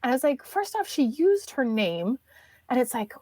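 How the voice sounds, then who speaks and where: A woman's voice: fairly high pitch, very animated, moderate pace, a little mellow, no room sound. A woman in her thirties, a podcast guest telling a personal story in a chatty way, full of fillers and restarts.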